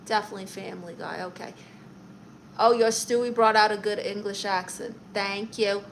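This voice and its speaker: A woman's voice: medium pitch, fairly even intonation, moderate pace, a little hiss or hum, rough recording. A woman hosting a casual livestream, reading viewer comments aloud in a chatty, playful way and laughing at herself. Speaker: livestream host.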